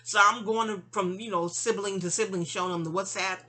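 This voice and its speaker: In a brisk, medium-pitched voice with fairly even intonation and a sharp tone, a vlogger tells a casual, venting personal story. She rambles and chats, performing the dialogue others said to her, in an audio-only home recording.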